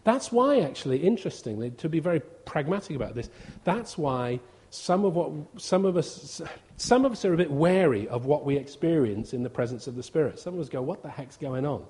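A man's voice: a little high, expressive, fairly quick, warm tone. Man preaching a chatty sermon. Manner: chatty, humorous, acts out quotes. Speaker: visiting preacher. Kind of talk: informal sermon.

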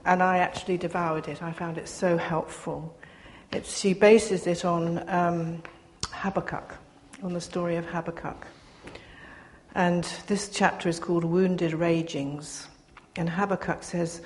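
An older woman giving a personal testimony to a gathering, speaking earnestly with pauses and restarts. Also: on the low side, fairly even intonation. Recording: reverberant hall, faint background noise.

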